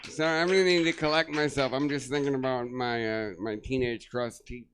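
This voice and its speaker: A man's voice: mid-range voice, fairly even intonation, a little fast, a bit bright, smooth. A man emceeing a stand-up comedy night, rambling and a little flustered as he brings on the next act. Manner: flustered, rambling between acts. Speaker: comedy show host. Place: comedy club stage.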